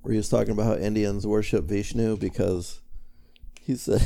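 A man's voice: on the low side, steady tone, moderate pace, creaky, dark tone. A man co-hosting a podcast, telling rambling anecdotes in casual chat and quoting people's voices. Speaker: podcast co-host.

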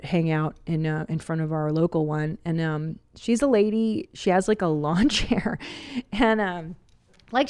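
A woman's voice: lowish voice, dry recording, clean studio sound. A woman in her forties hosting a podcast in casual chat, frank and chatty and often laughing. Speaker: podcast host.

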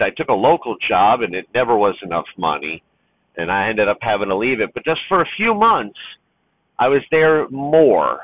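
A man who drives trucks talks about being a father in a personal vlog monologue, heartfelt and near tears, rambling and restarting his sentences. His voice is fairly low, with no room sound, and the recording is tinny and phone-like.

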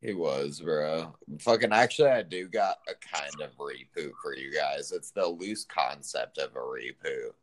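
A man's voice: extremely low pitch, a little slow, few pauses. A man co-hosting a casual chat, rambling with lots of fillers and swearing. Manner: rambling, full of "like" and swearing, laughs often.

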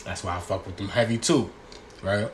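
A man's voice: fairly low pitch, steady tone, normal speed, slight background noise. A young man from New York talking casually to his viewers in a loose, rambling, slangy way. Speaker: vlogger. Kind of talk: casual chat.

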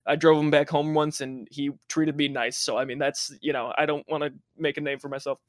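A young man casually telling a wild high school story, swearing often and laughing between lines. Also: fairly quick, no room sound, clean studio sound. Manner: profane, laughing, animated anecdote telling.

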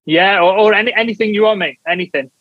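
Male host, high-pitched, relaxed and friendly, dry close sound. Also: fast talker, no echo, narrow, tinny audio. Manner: relaxed, friendly, calls guests mate and man. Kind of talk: casual chat hosting.

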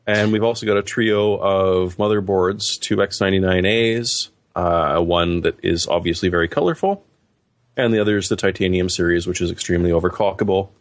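Low-voiced man reading off tech news. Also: fairly quick, dry recording. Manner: dry joking, runs through product specs. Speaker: podcast host. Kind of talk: casual tech chat.

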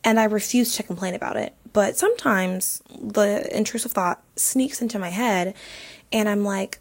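A woman's voice: mid-range voice, normal speed. A young woman in her twenties hosting a casual solo podcast, chatty and filling her talk with "like". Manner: chatty, heavy use of "like". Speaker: podcast host.

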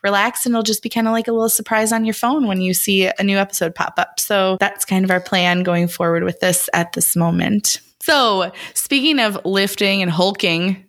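A woman in her thirties co-hosts a podcast in a loose, chatty way. Her voice sits in an ordinary middle pitch, and she wanders and corrects herself mid-thought. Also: steady tone, normal speed, hardly any pauses, fairly bright tone. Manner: rambling, self-correcting. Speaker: podcast co-host. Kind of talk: casual chat.

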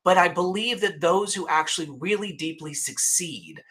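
A man guesting on a casual interview show, talking in an emphatic, storytelling way. His voice sits a little high and has a bright, forceful edge. He often restarts his sentences. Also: normal speed. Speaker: podcast guest.

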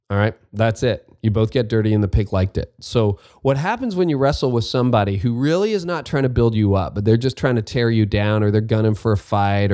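Low, mellow-voiced Canadian man giving advice. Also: no echo, clean studio sound. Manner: candid, self-deprecating, repeats key phrases. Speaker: podcast host answering listener questions. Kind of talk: casual advice talk.

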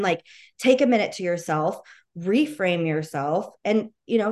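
A woman speaking as a podcast guest, casual and encouraging, with lots of "like" and "you know.". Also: medium pitch.

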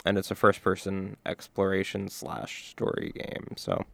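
A man co-hosting a casual gaming news podcast, relaxed and full of filler words. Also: deep voice, a little slow, creaky. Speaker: podcast co-host.

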